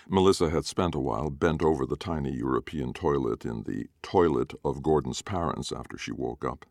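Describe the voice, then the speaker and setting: A man narrating a story in a wry, expressive manner. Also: rumbling low, moderate pace, vocal fry, few pauses, no room sound, studio quality.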